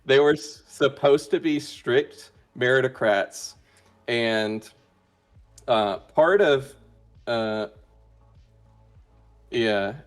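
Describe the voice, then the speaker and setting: A man's voice: mid-range voice, very slow, long pauses, clear, resonant tone. Guy guest in a chat, mid voice, loads of ums and restarts, faint music behind. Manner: hesitant, many fillers and restarts. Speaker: interview guest, roleplay player. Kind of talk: casual chat.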